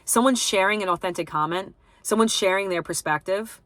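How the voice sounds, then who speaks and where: A woman's voice: medium pitch, a little fast, fairly bright tone, dry recording. A young woman talking casually to her vlog audience in a rambling, blunt, self-deprecating way, with many fillers and restarts. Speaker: vlogger.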